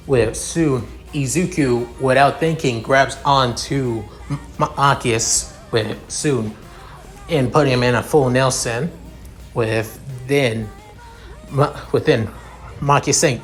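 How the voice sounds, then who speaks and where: Man narrating fan fiction, slow, halting, faint music behind. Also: mid-range voice. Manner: slow, halting, repeated connectives. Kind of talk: story reading.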